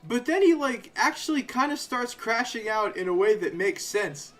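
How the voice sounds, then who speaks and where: High-voiced young man ranting over gameplay. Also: moderate pace, soft background music. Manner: ranting, sarcastic, animated asides. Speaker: game streamer. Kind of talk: casual live playthrough commentary.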